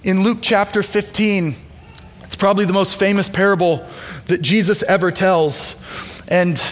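A man with a high voice delivers a sermon as relaxed, animated storytelling, filled with fillers and asides. He is speaking in a church auditorium with long reverb. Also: unhurried. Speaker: pastor. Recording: long reverb of a large hall.

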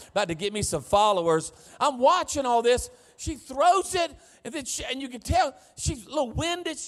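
Pastor, male, high voice, comic storytelling sermon, long hall echo. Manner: humorous, animated preaching with call-and-response. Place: church. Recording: long reverb in a large church hall.

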